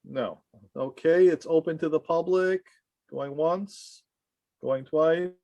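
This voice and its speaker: A man chairing a commission meeting on a video call, informal and halting with many fillers. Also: on the high side, darkish tone, no room sound.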